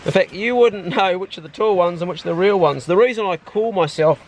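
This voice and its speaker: A man's voice: sits high, a little fast, slight background noise. A man with a New Zealand accent chatting casually in a rambling, laid-back way on his outdoor vlog. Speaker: vlogger storyteller. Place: outdoors on a hot day with dogs.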